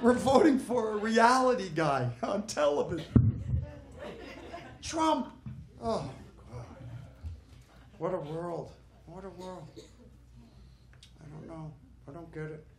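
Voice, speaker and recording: A man performing a stand-up comedy set, brash and punchy, with crude jokes and quick character voices. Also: high voice, animated, crowd noise. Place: comedy club stage before a laughing audience. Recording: roomy live club recording with audience noise.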